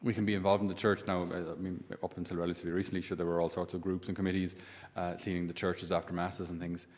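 A man's voice: sits low, little pitch movement, fast, long reverb tail. A man, a priest giving a conversational sermon full of asides and rhetorical questions.

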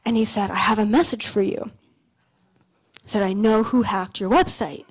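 A young woman from Canada giving a motivational talk on a conference stage, telling stories in a casual, animated way with some swearing. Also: mid-range voice, normal speed, slightly rough, rough recording. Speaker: conference speaker. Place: lecture stage at an expo.

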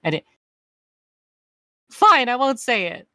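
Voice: mid-range voice, big pitch swings, slow pace, pushed and bright, no room sound. A college student telling a rambling story in a casual stream chat, full of restarts.

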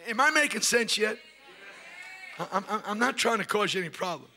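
A man preaching a sermon, swinging from loud shouts to hushed whispers and repeating himself in quick restarts. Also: sits high, lively intonation, slight background noise. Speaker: pastor. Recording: live from a church.

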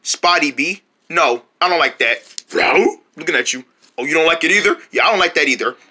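Bright, lively voice in a comedy skit. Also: mid-range voice, brisk, breathy edge. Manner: chatty, playful and fond. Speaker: skit performer.

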